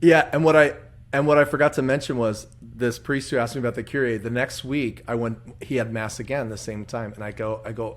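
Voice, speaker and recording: A Catholic church musician telling funny stories in casual podcast chat, animated and often laughing. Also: male voice, mid-range voice, fairly quick.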